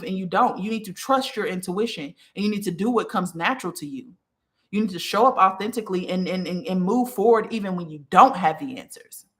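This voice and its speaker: A woman's voice: mid-range voice, a bit bright. A woman hosting a casual spiritual teaching monologue, speaking straight to the listener in an earnest tone, often stopping to ask "okay?" and restarting her sentences. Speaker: spiritual podcast host.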